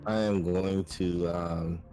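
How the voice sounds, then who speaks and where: Casting: male player, deep voice, slow, unsure delivery, faint music behind. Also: fairly even intonation, mellow. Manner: hesitant, tentative. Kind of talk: casual tabletop play.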